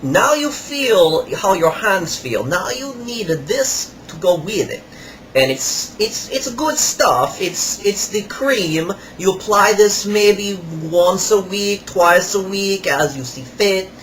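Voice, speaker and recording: A man voicing a pushy male kiosk salesman with a Russian accent, speaking slow, broken English in an insistent sales pitch. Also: animated, a bit bright, slight background noise, full character voice.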